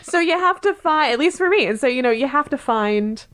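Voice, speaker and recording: A woman librarian chatting on a podcast, animated and dramatic, often laughing as she tells stories. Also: high-pitched, fairly quick, crowd noise. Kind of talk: casual podcast chat.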